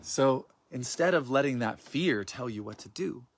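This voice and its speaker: A man guiding a group through prayer and vocal practice, speaking in a soft, loving, grounded tone and drawing his phrases out invitingly. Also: medium pitch, expressive, normal speed, no echo. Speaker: spiritual workshop facilitator.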